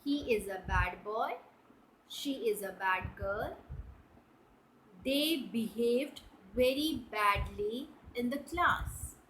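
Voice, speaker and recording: A woman teaching an English grammar lesson to children, explaining step by step and checking "right?" and "clear?". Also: a little high, animated, slow pace, a bit bright, slight background noise, poor audio.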